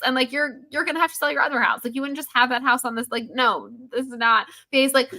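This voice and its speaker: A woman's voice: sits high, fast, hardly any pauses, pushed and bright. A woman co-hosting a podcast, reviewing a movie in casual chat, sarcastic and acting out characters' lines. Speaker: podcast co-host.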